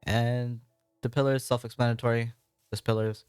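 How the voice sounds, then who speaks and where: A man's voice: medium pitch, level tone, moderate pace, a little mellow, clean tone, no room sound, studio quality, faint music behind. A man with an American accent, casually narrating his own gameplay with a rambling, apologetic, self-deprecating manner. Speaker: Minecraft building let's-play creator.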